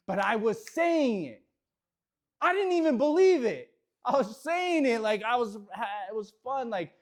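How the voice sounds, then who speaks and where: With a high voice and measured pacing, a man delivers an energetic motivational talk to his real estate team. In the office, he swings from quiet reflection to shouted affirmations.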